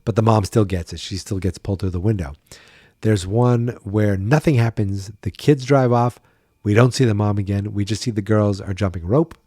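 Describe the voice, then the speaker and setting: Tired, low-voiced male podcast host. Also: normal speed, warm tone, no echo, clean studio sound. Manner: chatty, wry, thinking aloud. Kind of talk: casual solo podcast recap.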